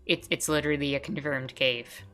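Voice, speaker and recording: A woman voicing a calm, dry frog detective in a flat, patient way while reading a game aloud. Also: low voice, a little fast, soft background music, pitched below the performer's own voice.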